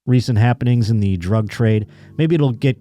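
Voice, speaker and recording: A man's voice: medium pitch, normal speed, warm tone, no echo, clean studio sound. A man hosting a comedy podcast, reading news stories aloud and riffing on them with crude, sarcastic jokes. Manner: crude, sarcastic riffing between read-out articles. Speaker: podcast host.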